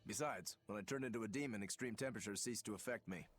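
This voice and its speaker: A man's voice: on the low side, quick pace, lightly acted. A man voicing a cocky demon swordsman in a video game, brash and battle-hungry. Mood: calm.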